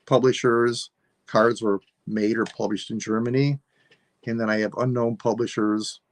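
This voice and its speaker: A man selling items on a live stream, thinking aloud in a rambling, unhurried way as he describes each piece. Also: medium pitch, a little mellow, dry recording. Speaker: online seller. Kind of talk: live-stream sales chat.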